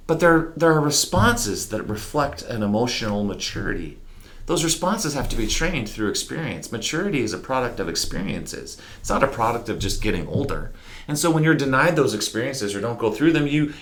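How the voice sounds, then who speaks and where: A man speaking as an interview guest, telling candid, animated personal stories in a reflective conversational way. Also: mid-range voice. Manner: candid, animated, mimics horn sounds.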